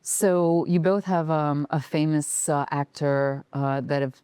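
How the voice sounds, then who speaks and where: A woman's voice: sits low, fairly even intonation, takes it slowly, mellow, clean tone, no echo. A woman hosting a podcast interview in a restaurant, encouraging her guests with short affirmations. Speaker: podcast host. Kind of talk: casual interview.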